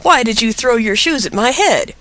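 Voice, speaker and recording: A hot-tempered storybook traveler, acted by a man, bursts out in indignant shouts. His voice lifts high and swings wide with outrage. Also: huge pitch swings, normal speed, no room sound, full character voice, low-quality recording. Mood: furious.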